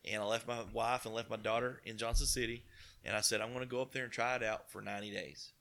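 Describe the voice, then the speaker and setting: A man from East Tennessee with a local accent, telling his career story in a folksy, animated way with quoted dialogue. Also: mid-range voice, fast talker, creaky. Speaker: car dealership partner. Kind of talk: casual storytelling interview.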